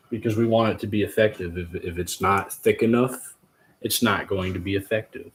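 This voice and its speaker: A man with a deep, low voice talks through a hands-on project in a casual livestream tutorial. He rambles in a goofy way and breaks off to chat with his viewers. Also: fairly even intonation, fairly quick. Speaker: host demonstrating a DIY agar method.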